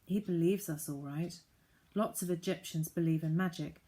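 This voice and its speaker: A woman's voice: lowish voice, moderate pace, mellow, lightly acted. A woman reading the part of a brave, polite boy who talks earnestly and respectfully.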